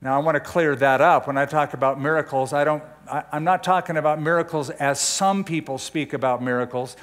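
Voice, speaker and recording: A man's voice: a little high, steady tone, brisk, fairly bright tone. Older male pastor preaching conversationally. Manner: conversational preaching, asks the audience questions. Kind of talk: sermon.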